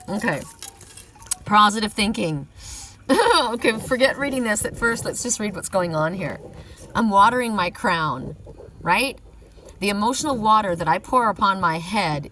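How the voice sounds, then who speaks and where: A woman's voice: medium pitch, fairly bright tone, distant mic, slight background noise, low-quality recording. A middle-aged woman giving a casual oracle card reading, chatty, often laughing, whooping and swearing.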